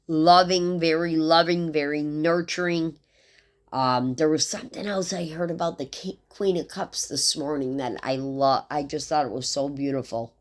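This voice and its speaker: A middle-aged woman giving a casual, rambling tarot reading and talking straight to her viewers in a heartfelt way. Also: low-pitched. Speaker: tarot reader.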